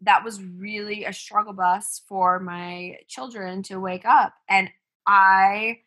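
A woman in her thirties, a mother and business owner, telling stories in a chatty, animated way with many fillers as a podcast co-host. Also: mid-range voice, slow pace. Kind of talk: casual chat.

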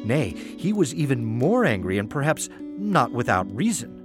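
A man's voice: medium pitch, sing-song, normal speed. A man narrating a fairy tale in a wry, playful storytelling manner over faint music.

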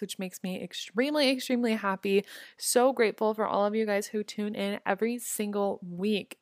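Woman, bubbly podcast host, chatty, mid pitch, dry close sound. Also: no room sound. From Nebraska, US. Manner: bubbly, chatty, heavy use of "like" and "literally". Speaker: podcast host and mindset coach. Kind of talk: casual chat.

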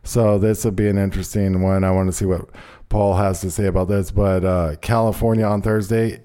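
A man's voice: sits low, flat delivery, fairly quick, warm tone. A male radio show host talking loosely and casually, swearing freely and bantering with his co-host. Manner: loose, profane, laid-back banter.

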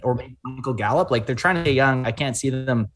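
A man with a mid-pitched voice talks through football roster choices on a podcast. He reasons steadily in long turns. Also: quick pace, fairly bright tone. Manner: analytical, talks in long takes. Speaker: podcast co-host. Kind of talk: casual sports talk.

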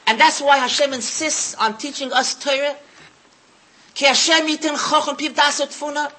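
A woman's voice: sits high, fairly even intonation, moderate pace, pushed and bright, slight background noise, low-quality recording. A woman giving a religious lecture, telling stories with emphasis and repeating key phrases. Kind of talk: Torah lecture with storytelling.

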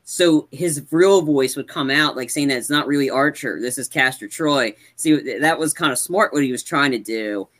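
A man's voice: mid-range voice, moderate pace, hardly any pauses, fairly bright tone. A man co-hosting a podcast, casually retelling movie scenes in a rambling way full of fillers. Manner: rambling, many fillers like "like" and "yeah". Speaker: podcast co-host. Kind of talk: casual chat recapping a film.

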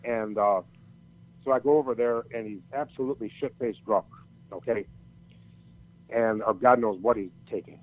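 A man's voice: fairly low pitch, steady tone, moderate pace, pauses often. Older man rambling through a story. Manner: rambling, profane, many restarts. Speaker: storyteller guest. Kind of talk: casual storytelling chat. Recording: tinny phone-like audio.

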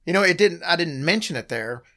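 A hoarse man hosting a casual podcast, telling stories in an animated way and often restarting his sentences. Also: a little high, a little fast. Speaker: podcast host.

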